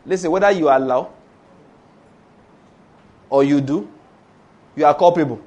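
A man's voice: a little high, measured pace, darkish tone, dull audio. A man preaching a sermon, telling a story with emphasis and rhetorical questions.

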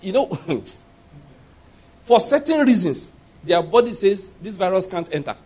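Animated preacher man telling stories. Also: high-pitched, measured pace, breathy edge. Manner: storytelling, animated quotes, laughs at own stories. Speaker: pastor. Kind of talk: sermon.

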